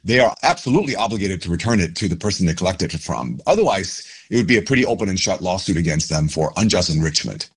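A man's voice: low voice, lively intonation, quick pace, hardly any pauses, husky. A man who is a law school dean, explaining in a confident expert interview clip.

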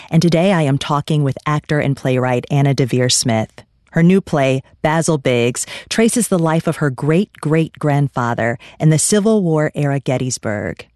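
A woman hosting a radio interview, reading measured scripted introductions. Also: low voice, a little mellow, no room sound, studio quality. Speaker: radio host.

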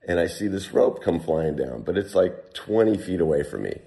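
A man's voice: low voice, normal speed, gravelly. A man telling a personal story casually to an interviewer, often saying "like". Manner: animated, heavy use of "like". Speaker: guest telling a survival story.

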